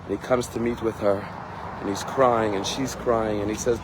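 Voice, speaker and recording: A man's voice: steady tone, normal speed, a little hiss or hum, low-quality recording. A man, a rabbi, telling a teaching story in a sermon and acting out the quoted lines. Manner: acts out quoted lines with rising pitch.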